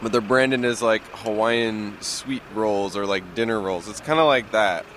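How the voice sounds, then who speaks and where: A man chatting casually in a dry, low-key way on a balcony above a busy street. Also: measured pace, fairly bright tone. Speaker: co-host. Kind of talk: casual chat. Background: street traffic.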